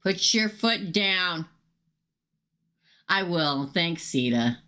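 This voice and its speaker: Chatty woman with lively pitch. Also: extremely slow. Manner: chatty, upfront, talks straight to viewers and reads chat aloud. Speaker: tarot reader hosting a livestream. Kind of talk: casual live tarot reading.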